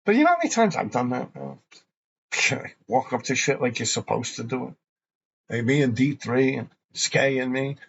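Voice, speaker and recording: A gravelly, husky man rambles through old stories, swearing freely as he goes. His voice sits a bit high for a man, and it comes through a dull lo-fi recording. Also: animated, normal speed. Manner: rambling, profane, laughing often. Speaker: graffiti show host. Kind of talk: casual storytelling.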